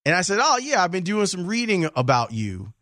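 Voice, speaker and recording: A man's voice: high-pitched, sing-song, fairly quick, pushed and bright, dry recording, clean studio sound. A man hosting a sports radio show, telling stories in a jokey, self-mocking way. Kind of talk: casual sports radio chat. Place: radio studio.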